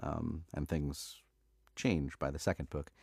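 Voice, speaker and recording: Man, deep voice, dry sound, laid-back live-stream chat, rambling with fillers and laughs. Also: steady tone, a little slow, creaky, darkish tone, dry recording. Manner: laid-back and chatty, many fillers and laughs, says "dude". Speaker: audiobook narrator and live-stream host.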